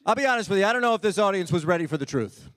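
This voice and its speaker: A man on a theatre stage rambles in exasperated mock outrage, his voice very high and bright. His pitch leaps all over the place, and the hall's long reverb trails behind every line. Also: expressive, rapid-fire. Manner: exasperated, rambling, repeats stock outrage phrases. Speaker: stand-up comedian. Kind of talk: stand-up parody of a vague edgy comic. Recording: live theatre hall reverb.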